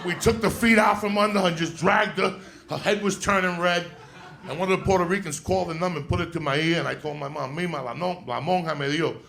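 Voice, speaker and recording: A male stand-up comedian telling a story in a loud, profane way, often shouting. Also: sits high, fairly even intonation, fast, vocal fry. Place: comedy club stage. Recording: roomy club recording with crowd laughter. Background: audience laughter and room noise.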